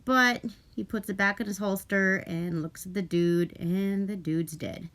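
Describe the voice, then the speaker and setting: A woman's voice: medium pitch, measured pace, a bit bright. A woman from Alaska giving a rambling, profane, wry movie review in casual chat.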